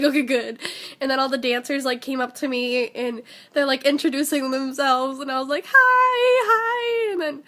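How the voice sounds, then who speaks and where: A teenage girl telling an excited personal story, gushing and filling every pause with "like," shaky and close to tears. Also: high voice. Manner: breathless, gushing, heavy use of "like". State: shaky and emotional, near tears. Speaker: vlogger.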